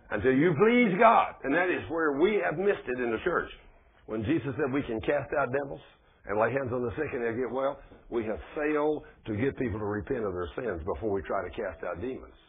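Folksy preacher on tinny radio. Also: male voice, medium pitch. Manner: folksy, asks the congregation questions. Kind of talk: folksy sermon. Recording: tinny phone-like radio broadcast.

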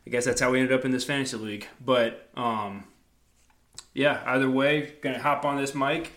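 A man's voice: medium pitch, steady tone, moderate pace, a bit bright. A young man hosting a casual podcast, talking in a rambling, laid-back, self-mocking way. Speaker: podcast host.

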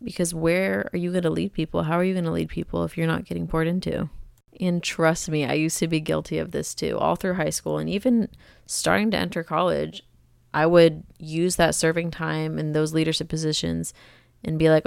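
A woman's voice: deep voice, level tone, moderate pace, creaky, clear, resonant tone, no room sound, studio quality. A young woman hosting a faith podcast, talking in an earnest, conversational, encouraging way. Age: young adult. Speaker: podcast host.

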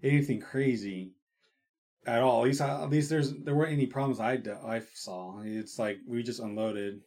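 A man's voice: mid-range voice, moderate pace, a little mellow. A young man in casual chat with a coworker, laid-back and swearing, acting out quotes. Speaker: coworker chatting.

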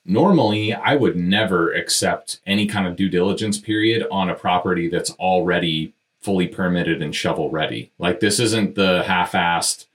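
A man with a deep, low-pitched voice tells a story in a candid, conversational monologue. He is blunt and frank, drops casual swearing, and talks right to his listeners like a podcast host. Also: moderate pace. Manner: conversational, addresses listeners directly. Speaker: podcast host and real estate developer.

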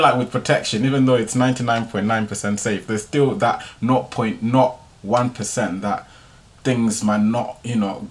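A young man hosting a podcast, telling a story in a relaxed, slangy way and ending his sentences with tag questions. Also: on the low side. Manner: laid-back slangy delivery, tag questions. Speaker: podcast host. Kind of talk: casual storytelling monologue.

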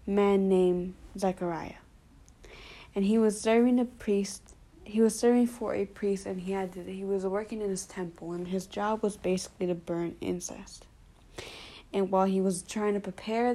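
A woman with a mellow, warm tone retells a Bible story in a relaxed, informal way. She keeps dropping in "basically", "like" and "you know" as she goes, talking like a friend leading a study group. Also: mid-range voice.

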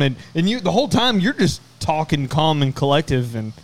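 A man in casual podcast chat, retelling a story with plenty of cussing and animated asides. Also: on the high side, fast, vocal fry.

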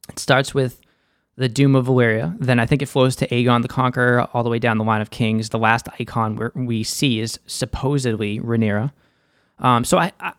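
A man's voice: mid-range voice, no echo, clean studio sound. A young man with a Boston accent hosting a casual, slangy and opinionated episode recap. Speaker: show recap host.

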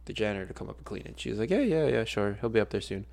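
A young man and schoolteacher co-hosting a podcast, telling a story with lively acted-out quotes. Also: lowish voice, very fast, gravelly. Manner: animated storyteller, acts out quotes loudly. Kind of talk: casual storytelling chat.

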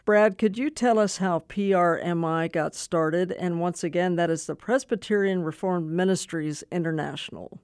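A man's voice: high voice, normal speed, few pauses, smooth, no room sound. A man hosting a radio interview show, introducing guests in a friendly, playful manner.

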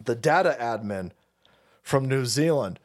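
A man's voice: mid-range voice, lively intonation, unhurried. A foul-mouthed man hosting a livestream, reading viewer chats and rambling through his commentary with frequent restarts. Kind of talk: casual profane stream commentary.

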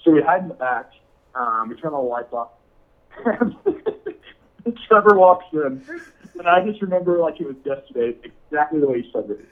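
A man's voice: a little high, big pitch swings, moderate pace, long pauses, phone-quality sound. A man telling a funny story in casual chat, laughing often and saying "dude" a lot. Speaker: podcast guest.

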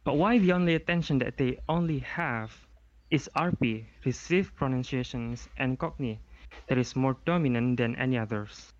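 A man's voice: medium pitch, moderate pace, dull audio. Curious man leading a chat. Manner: inquisitive, asking questions. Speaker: discussion moderator. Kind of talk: casual discussion.

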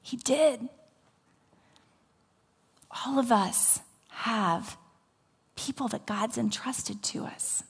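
A woman pastor preaching a sermon, telling a story with animation and dropping into soft, whispered appeals. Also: a little high, drawn-out words, vocal fry, pauses often, slightly rough, long reverb tail. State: recovering from voice loss.

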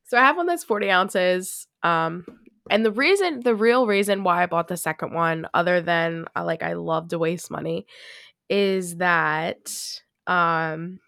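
A woman's voice: on the low side, measured pace, vocal fry, a bit bright, no echo, clean studio sound. A young woman hosting a podcast alone, chatting in a rambling way with lots of "like" and frequent laughs. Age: young adult. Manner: rambling, laughs often, heavy use of "like". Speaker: podcast host. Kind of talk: casual solo chat.

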